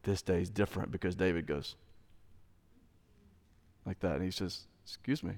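A man's voice: sits low, fairly even intonation, moderate pace, a little mellow. Casual preaching man in a reverberant church. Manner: casual, conversational preaching with slang asides; rises to emphatic intensity when making a point. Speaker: pastor. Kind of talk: sermon. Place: church sanctuary.

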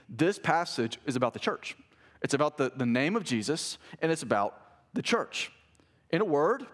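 A man preaching a sermon, animated and conversational, with asides to the congregation and quick restarts. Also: a little high. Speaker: pastor.

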